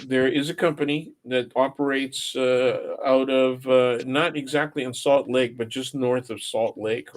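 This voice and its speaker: A man's voice: medium pitch, fairly bright tone. A man talking casually as an academic guest, hesitant, with many fillers. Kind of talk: casual conversation.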